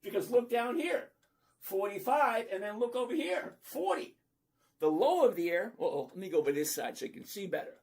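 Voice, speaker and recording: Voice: medium pitch, very animated, fairly quick, a little mellow, husky. A livestream host casually chatting about stocks and reading viewer comments aloud, blunt and playful, hammering points home through repetition.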